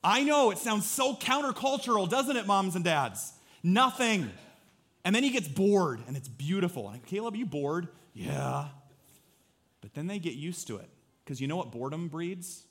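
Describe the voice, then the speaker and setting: This thirty-something pastor preaches in a high-pitched voice at a moderate pace. His sermon is animated and conversational, and he performs short quotes from family members and listeners.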